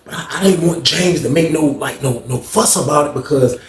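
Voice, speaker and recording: Dude telling a wild story, cussing, fairly high voice, roomy echo. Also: male voice, fairly quick, a little hiss or hum. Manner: animated, profane, acts out the scene. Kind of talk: casual storytime vlog. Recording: echoey room.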